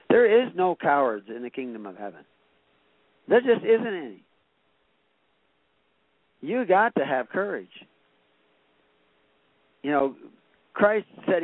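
A man's voice: sits high, big pitch swings, unhurried, pauses often, no echo. A man preaching a sermon, shifting from folksy storytelling to emphatic exhortation. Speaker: pastor. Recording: dry, tinny phone-like radio broadcast.

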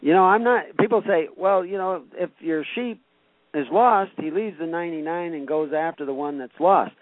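A man's voice: fairly high pitch, moderate pace, dry recording. Man, preacher, folksy sermon storytelling, emphatic, tinny radio sound, dry. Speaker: pastor.

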